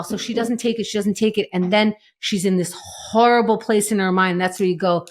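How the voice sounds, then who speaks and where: A woman co-hosting a podcast, chatting casually and retelling scenes with animated quoted lines. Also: mid-range voice, a little fast, hardly any pauses. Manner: animated storytelling, acts out quotes. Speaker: podcast co-host. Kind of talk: casual chat.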